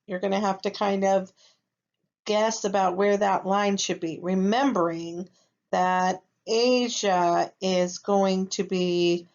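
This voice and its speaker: A woman gives a recorded lesson to young children at an unhurried, careful pace. She speaks patiently and keeps checking that her students are following. The recording sounds a little dull and lo-fi. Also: mid-range voice, darkish tone. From United States. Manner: patient, slow, checks in with "okay?". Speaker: first grade teacher.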